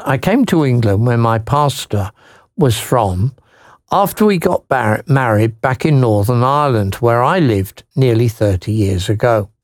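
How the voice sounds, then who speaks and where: A man hosting Christian radio, gently reading a listener's letter, encouraging her with tag questions, and praying. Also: medium pitch, creaky, dry recording, studio quality.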